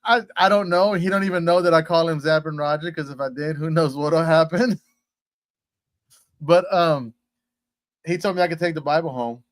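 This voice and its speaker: A man's voice: on the high side, fairly even intonation, normal speed, long pauses, no room sound. A man from Texas, a guest on a casual interview, telling rambling stories full of fillers and playful asides. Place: at home in Houston.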